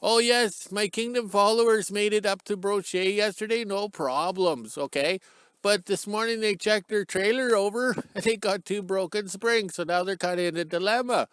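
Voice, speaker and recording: A man's voice: high-pitched, normal speed, fairly bright tone, clear, resonant tone, no room sound. A middle-aged man rambling off the cuff outdoors in a joking, chatty vlog intro, filming himself on a stick. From Canada. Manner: joking, chatty, wanders off topic. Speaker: vlogger, channel host. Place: outdoors in cold sun. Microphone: handheld camera on a stick.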